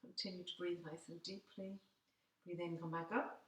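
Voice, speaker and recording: A woman guiding a yoga class with calm, chatty instructions, sounding tired and yawning. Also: lowish voice, normal speed, far from the mic. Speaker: yoga teacher. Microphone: laptop. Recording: echoey room, voice from off-mic, faint noise.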